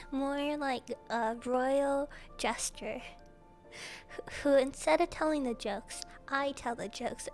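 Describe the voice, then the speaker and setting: A high-voiced woman chatting with her viewers in a relaxed, unhurried way. She keeps laughing between playful jokes and mock-royal bits. Faint music plays underneath. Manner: giggly and playful, laughs often between lines; joking, self-mocking princess bits. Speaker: streamer answering viewer questions. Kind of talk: casual Q&A chat.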